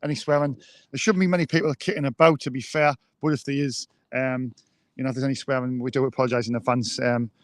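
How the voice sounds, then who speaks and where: A man's voice: mid-range voice, fairly even intonation, fast talker, dry recording, studio quality. A man co-hosting a live football fan show, hesitant, with many ums and restarts. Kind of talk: live fan podcast chat.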